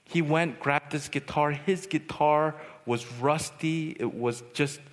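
Man, retreat speaker, somewhat high voice, dramatic testimony delivery, big hall with long reverb. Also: slow. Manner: dramatic storytelling, swinging from hushed to loud. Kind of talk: testimony sermon. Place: large hall at a youth retreat.

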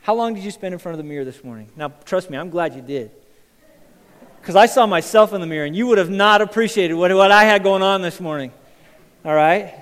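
A male pastor preaching a sermon to a congregation. He moves from loud, emphatic lines to quiet, intense ones. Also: high-pitched, fairly quick, clean tone. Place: church sanctuary. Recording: church hall with long reverb.

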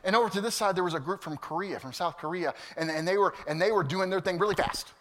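A man preaching a sermon to his congregation, animated and storytelling, swinging from loud to hushed. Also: sits high, fast. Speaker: pastor. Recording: long hall reverb.

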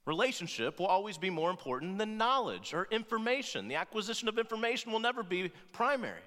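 A man preaching with a fairly high, bright, forceful voice. He keeps it conversational, tossing in quick "right?" check-ins and playful asides. His voice rings out with the long reverb of a large hall. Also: very animated. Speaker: pastor. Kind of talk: sermon.

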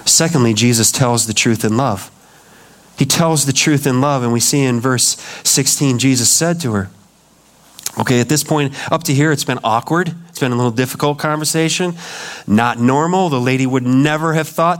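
In a church, a male pastor delivers a sermon with a medium-pitched voice at a moderate pace. He preaches dramatically, performing the voices of the people he quotes.

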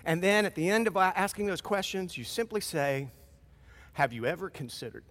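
High-voiced preaching man in a hall. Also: normal speed. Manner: conversational, animated preaching with quoted asides. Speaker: pastor. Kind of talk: sermon.

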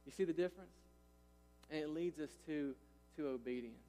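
Emphatic pastor preaching in a reverberant hall. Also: male voice, a little high, brisk, dark tone. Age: 30s. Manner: emphatic, repeats "right?" and "listen" to engage listeners. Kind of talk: sermon.

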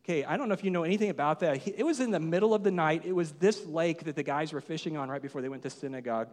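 A man preaching a sermon as pastor, telling the story with lively, acted-out asides and conversational questions to the congregation. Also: fairly high pitch, rapid-fire. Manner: animated storytelling, acting out voices in quotes. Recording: long hall reverb.

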